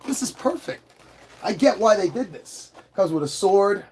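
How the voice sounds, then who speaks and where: A man's voice: high voice, normal speed, slightly rough. Hyper, swearing man reviewing toys. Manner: hyper, excitable, swears freely. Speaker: toy reviewer. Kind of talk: casual livestream toy review.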